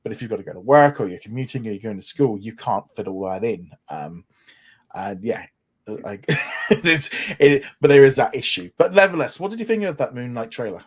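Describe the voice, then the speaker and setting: Man, podcast co-host, chatty, enthusiastic, mid-pitched voice. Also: expressive, brisk, slightly rough. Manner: chatty, enthusiastic, many restarts. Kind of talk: casual chat.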